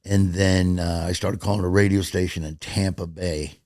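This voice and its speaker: In a clean studio recording with a dry sound, a middle-aged male comedian recounts stories during a casual interview. He is an animated storyteller who performs quotes in raised voices, speaking in a deep voice at a normal speed.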